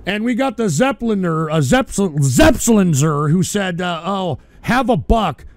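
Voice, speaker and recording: A man hosting a livestream show, ranting with constant swearing, shouting at trolls, and tacking "all right?" onto his sentences. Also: high-pitched, lively intonation, moderate pace, no room sound. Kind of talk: profane livestream rant.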